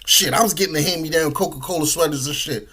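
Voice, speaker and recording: A man's voice: a little high, quick pace, sharp tone. A man, talking casually and profanely with lots of slang, eating while he talks. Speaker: podcast host. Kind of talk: casual monologue.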